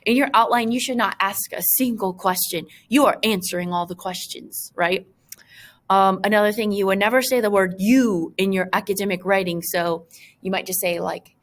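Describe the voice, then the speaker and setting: A woman's voice: medium pitch, steady tone, normal speed. A woman teacher talking through a screen-recorded lesson, chatty and full of fillers, with joking asides to her students.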